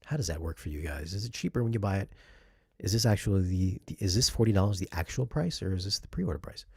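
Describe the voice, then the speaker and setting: A man's voice: low-pitched, a little mellow, slightly rough, no room sound, studio quality. A man talking casually as a video reviewer, chatty and rambling, correcting himself and asking viewers questions. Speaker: home theater video reviewer.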